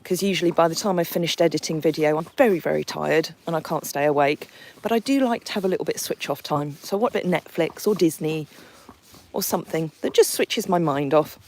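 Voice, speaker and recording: A woman's voice: deep voice, brisk, a little mellow, poor audio. An Englishwoman hosting a live stream outdoors, chatting casually as she reads out where her viewers are from. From England. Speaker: horse sanctuary owner hosting a livestream. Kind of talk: live-stream chat while riding a horse. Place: outdoors on a country lane.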